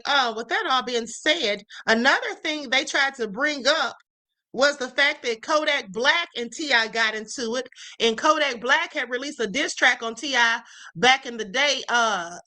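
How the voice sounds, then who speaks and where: A woman with a high, sharp voice, heard through poor audio, hosts a livestream. She offers sassy, casual commentary on celebrity gossip, often ending lines with "okay?" and "honey."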